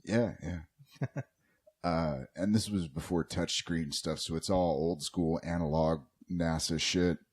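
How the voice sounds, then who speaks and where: A man's voice: deep voice, fairly even intonation, a little slow, slightly rough. A man hosting a podcast, telling a long story in a rambling, profane, casual way. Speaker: podcast host.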